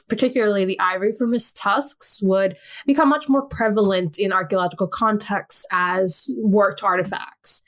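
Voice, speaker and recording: An American woman co-hosting a podcast, talking through the material in an easy, chatty way. She laughs often and fills pauses with ums and uhs. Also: medium pitch. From United States. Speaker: podcast co-host. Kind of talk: casual educational chat.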